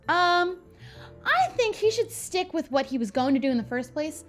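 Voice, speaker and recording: High bubbly woman playing a story game. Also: very animated, normal speed, fairly bright tone, faint music behind. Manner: bubbly, jokey, laughs often. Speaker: gaming video host. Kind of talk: story game playthrough commentary.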